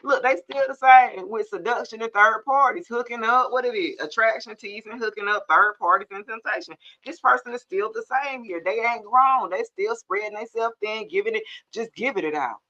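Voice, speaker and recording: A woman's voice: on the high side, moderate pace, few pauses, bright, forceful tone, lo-fi sound. Sassy woman giving a blunt tarot reading. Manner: sassy, blunt, laughing asides. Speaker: tarot reader. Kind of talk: casual tarot reading to camera. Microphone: phone or camera mic.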